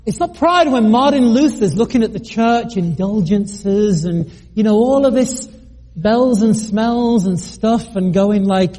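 A man's voice: high-pitched, measured pace, mellow. A middle-aged man from the United Kingdom, preaching a sermon earnestly, with joking asides and stammered restarts. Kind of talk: sermon with personal story.

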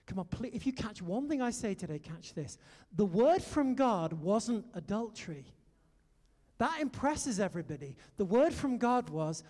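British preacher, high voice, reverberant hall. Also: male voice, moderate pace. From Britain. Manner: animated storytelling, exhorting the audience. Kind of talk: sermon.

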